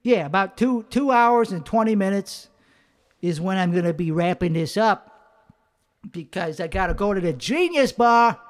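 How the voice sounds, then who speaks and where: A man with a high, bright-sitting voice rambles through a solo monologue, swearing constantly and second-guessing his own material. He speaks in a put-on accent. He is recording alone in a home studio. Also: lively intonation, moderate pace, big-room sound. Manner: profane, rambling, self-critical. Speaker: comedian working out bits.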